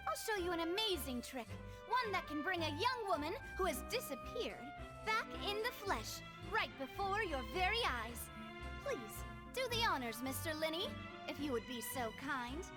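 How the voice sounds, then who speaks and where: A confident young woman, coaxing, theatrical, high lively voice, game scene with music. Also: normal speed. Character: confident young woman leader, playful and assured.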